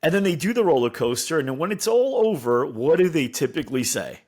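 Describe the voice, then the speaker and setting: A man co-hosting a casual podcast chat, animated, acting out other people's lines in changing voices. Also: fairly high pitch, a little fast, husky. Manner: animated, acts out quotes in voices. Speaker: podcast co-host.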